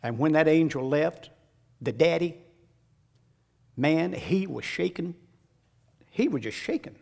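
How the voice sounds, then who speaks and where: Male preacher, sermon, dramatic, slow delivery, lively pitch, hushed to shouting. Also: vocal fry.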